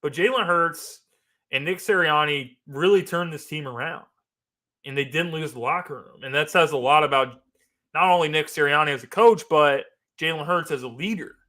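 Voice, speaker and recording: Male sports talk host, emphatic fan take, bright forceful tone. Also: a little high, normal speed. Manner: animated, emphatic, repeats phrases. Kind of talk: casual opinion commentary.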